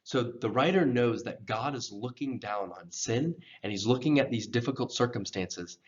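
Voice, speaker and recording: A man teaching English pronunciation, explaining slowly and reading scripture lines aloud with expressive intonation as examples. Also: mid-range voice, dull audio.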